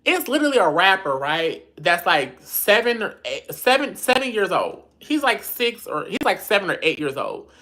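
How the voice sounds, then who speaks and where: A woman's voice: medium pitch, sing-song, moderate pace, few pauses, bright, forceful tone. A woman hosting a casual livestream, blunt, sassy and profane, reading viewer comments aloud and answering them. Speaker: livestream host.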